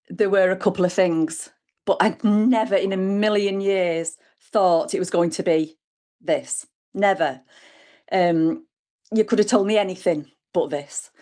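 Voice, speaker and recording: A chatty woman with a mid-range voice appears as a guest telling her story conversationally. She retells it in a lively, animated way, acting out the quotes.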